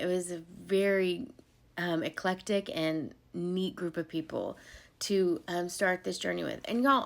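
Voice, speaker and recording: Gravelly-voiced woman telling her story. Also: lowish voice. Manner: chatty, with frequent ums and laughs. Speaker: vlogger sharing a faith testimony. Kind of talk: casual storytelling to camera.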